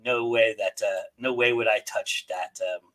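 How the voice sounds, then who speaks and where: A man's voice: on the low side, fairly even intonation, moderate pace, a bit bright. A man hosting a live chat show, rambling and joking, often restarting his sentences. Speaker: host.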